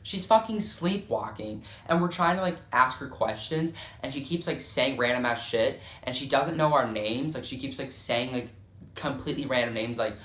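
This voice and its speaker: A man's voice: mid-range voice, normal speed, fairly bright tone, roomy sound. A young man telling a dramatic storytime, swearing often and filling gaps with "like.". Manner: profane, dramatic, filler-heavy storytelling. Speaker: storytime vlogger. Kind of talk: casual storytime.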